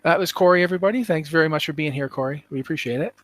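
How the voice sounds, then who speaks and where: A man hosting a casual podcast, talking in an animated, rambling way with many restarts. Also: on the high side, very fast, no echo. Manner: animated, rambling, self-interrupting. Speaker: podcast host.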